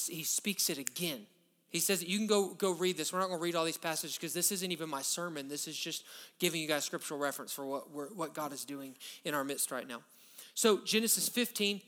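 A man, preaching a sermon as pastor, conversational and then loud and emphatic. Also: on the high side. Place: church sanctuary. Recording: long reverb of a church hall.

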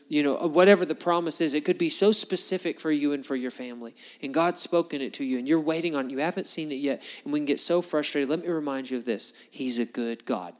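A man preaching a sermon to a congregation, conversational and animated, full of rhetorical questions. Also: on the high side, fairly quick, in a large hall. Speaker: pastor. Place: church hall before a congregation.

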